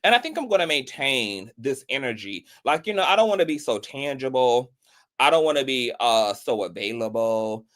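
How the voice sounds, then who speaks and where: A man hosting a casual livestream chat, sassy and flamboyant, greeting viewers by name in long drawn-out calls and calling everyone "girl" and "child". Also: medium pitch, lively intonation, a bit bright. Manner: peppers talk with "girl" and "child". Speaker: livestream host.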